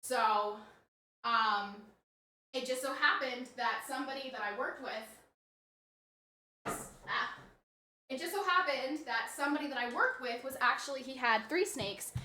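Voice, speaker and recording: Bright, high-voiced young woman streamer. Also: a little slow, pauses often, slight background noise. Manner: chatty storytelling, lots of fillers. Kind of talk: casual chat. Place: room while cleaning a snake enclosure. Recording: echoey room.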